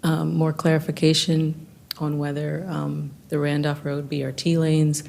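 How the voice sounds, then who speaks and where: A woman presenting planning staff updates at a public board meeting, hurried and apologetic with many ums, losing her voice. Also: deep voice, flat delivery, gravelly, a little mellow, slight background noise.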